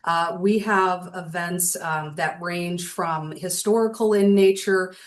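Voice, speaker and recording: A woman's voice: on the low side, fairly even intonation, slow pace. Friendly woman explaining over a video call. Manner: friendly, explanatory, uses fillers. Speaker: nonprofit board member, guest.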